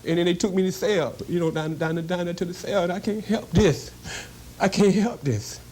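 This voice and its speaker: A man's voice: high voice, fairly quick, a little mellow, a little hiss or hum. A man recounting an old arrest, retelling the dialogue line by line. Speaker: former defendant recounting arrest. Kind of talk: emotional first-person recollection.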